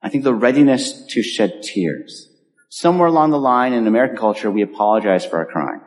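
A man's voice: medium pitch, lively intonation, a little fast. Earnest male pastor in reverberant hall. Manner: earnest, pleading, drops softly at phrase ends. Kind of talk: sermon. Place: church sanctuary.

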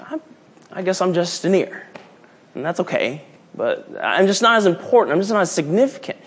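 A man's voice: high voice, moderate pace, husky. A man preaching a casual, playful sermon, telling a story and often restarting his phrases. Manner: animated, rambling with restarts, playful.

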